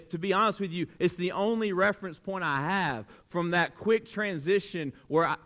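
Man, pastor, sermon, earnest storytelling, hushed to emphatic, somewhat high voice.

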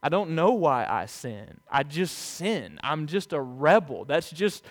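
A man pastor delivering a sermon in a conversational way, asking the congregation questions and moving between hushed, quiet asides and emphatic, louder swells. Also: on the high side, very animated, measured pace. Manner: conversational preaching with rhetorical questions.

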